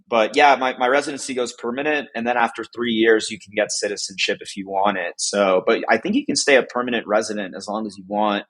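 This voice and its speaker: Low-voiced rambling man on a podcast. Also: fairly bright tone, poor audio. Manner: rambling, heavy use of "like" fillers. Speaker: podcast guest. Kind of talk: casual podcast chat.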